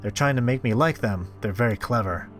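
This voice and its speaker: A man reading a visual novel aloud as a streamer, with quick asides of his own. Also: medium pitch, faint music behind. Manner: expressive, quick asides between read text. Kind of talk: reading a game aloud with commentary.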